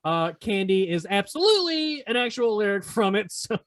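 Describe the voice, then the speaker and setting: Animated man hosting a quiz. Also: high voice, normal speed. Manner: playful quizmaster, teasing. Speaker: podcast host running a quiz. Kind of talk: casual chat.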